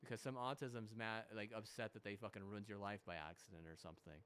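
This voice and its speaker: A man's voice: fairly low pitch, steady tone, fast, fairly bright tone, clear, resonant tone. Swearing young man rambling over gameplay. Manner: heavy swearing, frequent restarts and fillers; mocking mimicry of apologies. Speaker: gamer. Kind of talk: rambling gaming commentary.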